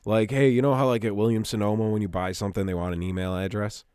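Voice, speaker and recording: A man co-hosting a podcast in casual chat, telling stories in an animated, profane way. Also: fairly low pitch, fast talker, smooth, dry recording, studio quality. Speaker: podcast co-host.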